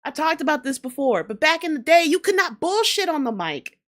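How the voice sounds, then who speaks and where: A woman's voice: high-pitched, big pitch swings, fairly quick. A woman with a New Orleans accent hosting a casual reaction show, talking bluntly and profanely in heated rants. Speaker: host reacting to rap videos.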